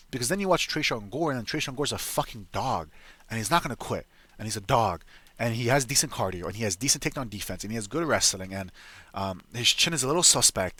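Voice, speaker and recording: A man's voice: mid-range voice, bright, forceful tone, no room sound. A man giving casual, profane MMA betting predictions, rambling and restarting his sentences. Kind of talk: casual solo fight predictions.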